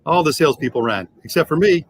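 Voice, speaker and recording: Older man telling lively stories. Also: on the high side, fast, dry recording, poor audio. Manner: animated anecdotes with acted dialogue. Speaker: guest, automotive sales trainer. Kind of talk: storytelling in a podcast interview.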